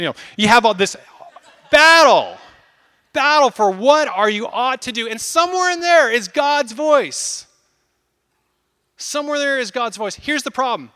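Lively, bright-voiced male preacher. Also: extremely high pitch, moderate pace, clear, resonant tone. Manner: animated, conversational preaching with acted-out asides. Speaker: pastor. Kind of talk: sermon.

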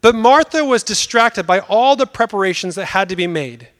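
A young adult man preaching a sermon in a conversational, emphatic way with dramatic pauses. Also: sits high, lively intonation, a bit bright.

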